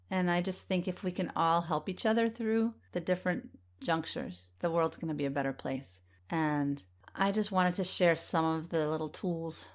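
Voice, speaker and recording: A middle-aged woman hosting her own podcast, speaking in an earnest, encouraging and gently emotional way. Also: on the low side. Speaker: podcast host. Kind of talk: heartfelt solo podcast talk.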